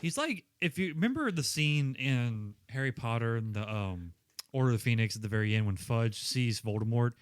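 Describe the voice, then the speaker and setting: A man's voice: mid-range voice, lively intonation, moderate pace, a little hiss or hum. A male podcast co-host in casual chat, tossing in dry jokes and asides.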